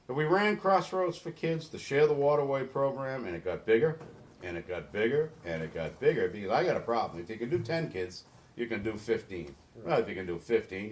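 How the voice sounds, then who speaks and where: A middle-aged man from New England, a guest in an interview, telling a long story earnestly and with feeling, often restarting his sentences. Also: lowish voice. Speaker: interview guest, boatyard volunteer organizer.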